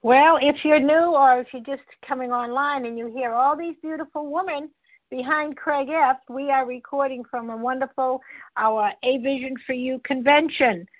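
A woman's voice: high voice, fairly even intonation, moderate pace, no room sound. A woman hosting a meeting, chatty as she introduces the next speakers. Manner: chatty, friendly announcing. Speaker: meeting host. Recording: tinny dry phone line.

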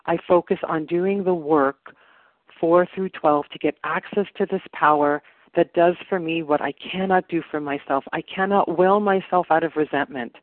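Over a tinny phone line, a woman with a lowish voice shares earnestly and reflectively at a recovery meeting, speaking in slow, emphatic phrases. There's no echo.

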